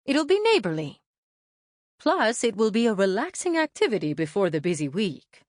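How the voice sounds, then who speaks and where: A woman's voice: mid-range voice, sing-song, normal speed, no room sound, studio quality, voice pushed up, natural voice. A woman voicing a busy Mexican-born mother with a Mexican accent, friendly and practical, in an audiobook. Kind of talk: audiobook character voice.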